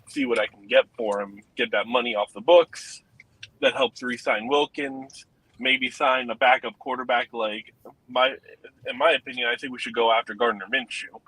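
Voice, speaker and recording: A man in a casual sports podcast chat, talking in a relaxed, slangy way. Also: mid-range voice, moderate pace, slightly rough, dry recording, low-quality recording.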